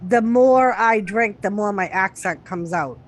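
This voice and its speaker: A woman's voice: mid-range voice, a little slow. A woman with a Rhode Island accent chatting casually with friends on a stream, laughing often. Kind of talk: casual chat.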